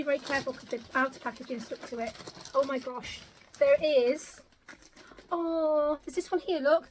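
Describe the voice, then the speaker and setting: High-voiced, gushing British woman vlogger. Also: a little hiss or hum. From United Kingdom. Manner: gushing, grateful, repeatedly exclaiming. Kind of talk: casual unboxing vlog. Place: home, indoors.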